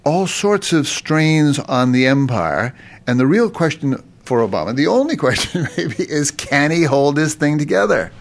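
A man hosting a political panel, animated as he builds his argument with rising emphasis. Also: fairly high pitch, measured pace.

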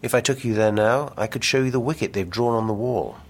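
A man reads dialogue aloud as a brash, ambitious businessman with big schemes, using an insistent, grandiose salesman's patter. He pitches his medium voice above his own natural register, yet it still sounds natural, and he speaks a little fast. There is slight background noise.

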